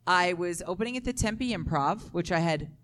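Animated woman comic telling a story. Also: fairly low pitch, fairly quick. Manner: animated, self-deprecating, swears freely. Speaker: stand-up comic panelist. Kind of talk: casual storytelling.

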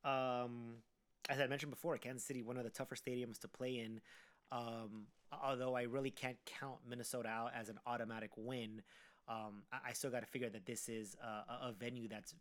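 Halting man thinking aloud. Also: medium pitch, flat delivery. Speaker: podcast co-host. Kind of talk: casual chat.

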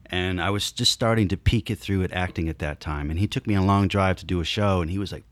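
Animated storytelling man in his fifties. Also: low voice, fast talker, few pauses, no echo. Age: 50s. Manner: animated, acts out scenes with sound effects and voices. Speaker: podcast guest. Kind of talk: casual storytelling.

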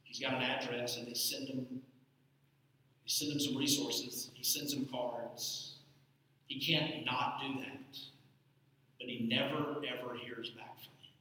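A man preaches a sermon with a bright, forceful voice. He is heard from a distance in a big church, with a long echo ringing around him. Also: mid-range voice, little pitch movement, a little slow, a little hiss or hum. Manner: preaching with the congregation. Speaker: pastor. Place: church sanctuary. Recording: echoey church hall from a distance.

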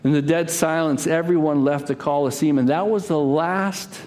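Man, preacher, sermon storytelling, dramatic swells and hushes, slightly high voice. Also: fairly even intonation, moderate pace. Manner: dramatic, builds to loud cries then drops to a hush. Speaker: pastor.

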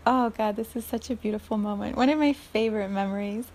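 A woman hosting a reflective spiritual podcast, speaking softly and often near a whisper, laughing now and then. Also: medium pitch. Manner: slow, soft, often breathy and near-whispered, with frequent laughs. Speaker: podcast host.

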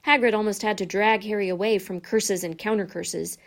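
A woman narrating a children's fantasy book with steady, measured reading. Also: mid-range voice. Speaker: audiobook narrator. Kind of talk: scripted narration.

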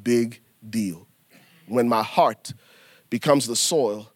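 A man preaching a sermon in an animated, folksy way, turning to the congregation and acting out little scenes. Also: medium pitch, slow, no echo. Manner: animated preaching with acted asides; folksy, addresses congregation as y'all. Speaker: pastor.

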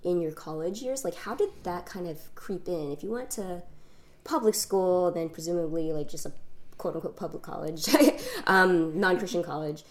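A woman's voice: on the low side, moderate pace. A woman co-hosting a podcast in casual chat, her voice phlegmy as she gets over an illness. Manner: chatty, many fillers and restarts. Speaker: podcast co-host.

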